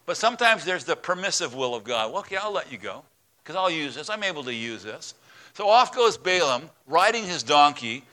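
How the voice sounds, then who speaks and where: A male pastor telling a story in a sermon, with a bright, forward tone. His voice sits a little high for a man. He acts out the characters as he goes, in an animated preaching style. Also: brisk.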